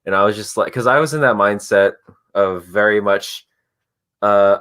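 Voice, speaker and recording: A man's voice: fairly low pitch, smooth. Podcast host, male, casual chat, acts out lines as he talks. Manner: animated storytelling with quick voiced asides.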